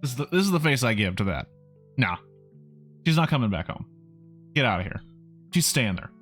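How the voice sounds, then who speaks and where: A man's voice: mid-range voice, very animated, fairly quick, fairly bright tone, faint music behind. Wry man reading a video game aloud. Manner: casual, wry asides. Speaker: streamer. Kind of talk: let's play game reading.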